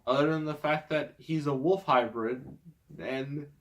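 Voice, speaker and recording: Slow-talking exasperated man ranting. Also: fairly high pitch. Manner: exasperated, rambling, breaks into laughs. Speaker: movie reviewer, host of the show. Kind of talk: casual movie review rant.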